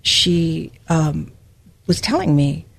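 Gravelly older woman from Hawaii teaching scripture. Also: deep voice, animated, slow pace. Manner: personal, emotional storytelling. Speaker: Christian podcast host. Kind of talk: devotional Bible teaching.

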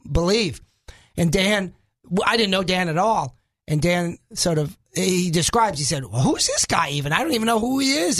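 Man, from New York, high voice, fill-in talk radio host, studio chat, wry asides. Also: fairly bright tone. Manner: joking, self-mocking, rambling asides.

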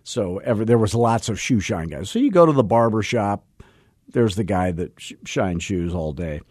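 A man's voice: lowish voice, lively intonation, moderate pace, a little mellow, slightly rough, no room sound, clean studio sound. A man in his sixties hosting a radio talk show, telling a long casual anecdote and acting out the other speaker's lines, with lots of fillers and restarts. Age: 60s. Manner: rambling anecdotes with acted-out dialogue and many restarts. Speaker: real estate sales coach, show host.

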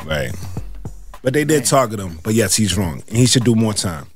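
Male radio co-host, relaxed and agreeable, light music beneath. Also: lowish voice, moderate pace, creaky. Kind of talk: morning radio banter.

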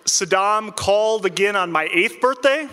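Man, wry deadpan storytelling, high bright voice, long hall reverb. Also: moderate pace, noisy background. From central Minnesota, United States. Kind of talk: personal storytelling to an audience.

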